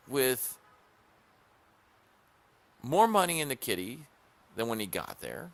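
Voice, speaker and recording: A male talk show host delivers an emphatic opinion monologue, hammering points home by repeating them. His pitch swings widely as he tells a story. The tone is bright and forward. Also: huge pitch swings, a little slow, vocal fry, pauses often, no room sound.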